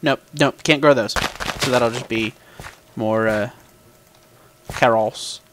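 A gaming channel host speaks slowly with a medium pitch and fairly bright tone, casually commenting on the game he's playing. He thinks aloud and hums bits of sound effects at it, over background noise of mouse and keyboard clicks.

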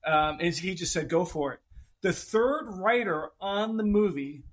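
A man joining a movie podcast as a guest, relaxed and sharing trivia with a few fillers. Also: sits high, unhurried. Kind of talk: casual movie chat.

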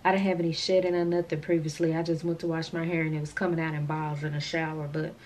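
Chatty woman vlogger, lowish voice. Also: flat delivery, fast, darkish tone, a little hiss or hum. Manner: chatty, rambling, addresses viewers as y'all. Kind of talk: casual chat to camera.

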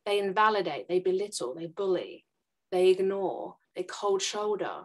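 A woman explaining ideas quickly and emphatically as a podcast guest, acting out short examples. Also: medium pitch, lively intonation. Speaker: podcast guest, trauma expert.

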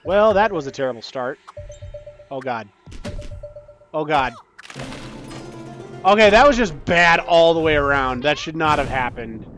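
Casual gamer host, high and bright, panicky yelps between quiet self-mocking mutters. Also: male voice, animated, unhurried, long pauses, soft background music. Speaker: gaming channel host. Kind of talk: casual gameplay commentary.

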